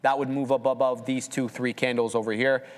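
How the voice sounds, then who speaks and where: A man's voice: mid-range voice, brisk, big-room sound. A man co-hosting a live trading show, giving casual market commentary and chatting with his co-hosts. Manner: chatty, relaxed, tells stories. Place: studio.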